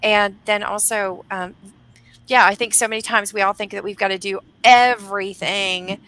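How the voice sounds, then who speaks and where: A woman's voice: medium pitch, fairly even intonation, moderate pace, a bit bright, low-quality recording. A woman hosts a podcast interview. She asks her questions in an encouraging way, with a few hesitant fillers along the way. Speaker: podcast host. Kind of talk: interview hosting.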